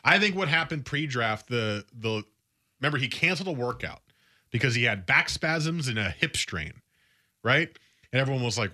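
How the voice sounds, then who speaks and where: A man's voice: mid-range voice, lively intonation, normal speed, bright, forceful tone. A man co-hosting a sports radio show, talking in a casual, emphatic and opinionated way.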